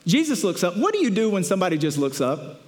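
Man, pastor, sermon, animated storytelling, slightly high voice, acts out crowd voices. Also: fast talker.

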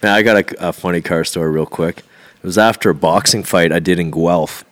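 A man's voice: low-pitched, fairly quick, a bit bright. A man co-hosting a podcast, chatting bluntly and launching into his own story in a casual chat. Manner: blunt, swearing, eager storyteller. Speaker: podcast co-host.

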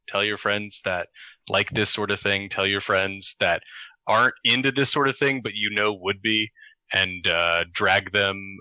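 A man's voice: sits low, bright, forceful tone, dry recording, rough recording. A man co-hosting a casual live chat show, joking around and rambling through his answers. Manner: jokey, rambling, restarts sentences. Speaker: co-host, game runner.

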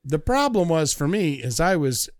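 A man's voice: fairly high pitch, big pitch swings, moderate pace, dry recording, studio quality. A man co-hosting a podcast, cutting in with crude jokes and mock voices. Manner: crude joking, butts in with gag voices. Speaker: podcast co-host. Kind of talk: casual podcast banter.

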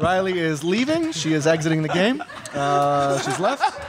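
A man playing a tabletop game live, reacting with loud exclamations. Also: on the high side, very animated, normal speed, over a noisy crowd. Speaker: player. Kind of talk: comedic role-play banter.

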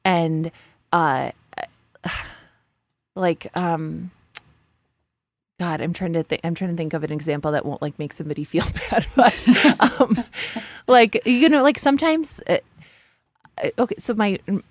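Her voice runs low and expressive, a little slow with frequent pauses, and there's no room sound. She's a guest in her forties telling stories frankly, swearing bluntly, mocking herself and stumbling through plenty of fillers and restarts.

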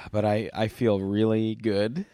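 A man hosting a relaxed, casual chat, talking softly and meandering, often trailing off into quiet asides. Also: lowish voice, slow pace, no room sound, clean studio sound. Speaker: podcast host. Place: indoors, lying on a couch cushion on the floor.

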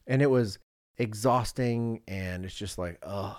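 Lower-voiced man telling a story. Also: measured pace, no echo, clean studio sound. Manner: animated storyteller, does voices of people in the story. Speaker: podcast co-host. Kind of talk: casual storytelling chat.

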